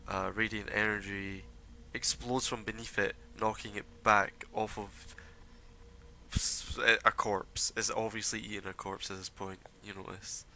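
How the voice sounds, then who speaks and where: Bright-voiced man running a tabletop game. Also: lowish voice, creaky, a little hiss or hum, rough recording. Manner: relaxed, loose narration with frequent filler pauses. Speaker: game master.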